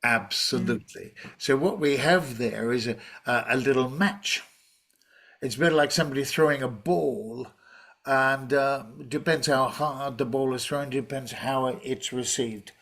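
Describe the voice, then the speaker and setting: A man running an online teaching workshop over a video call, easygoing and chatty. His voice sits at an ordinary middle pitch, and he often stops to restart a sentence with "uh" and "um". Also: unhurried. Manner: relaxed, chatty, with many fillers and restarts. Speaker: teacher trainer presenting a webinar.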